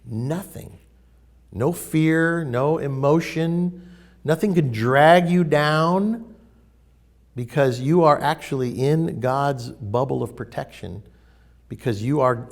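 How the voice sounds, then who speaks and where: A man teaching in a casual spiritual talk, emphatic and animated as he tells stories. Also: mid-range voice, vocal fry.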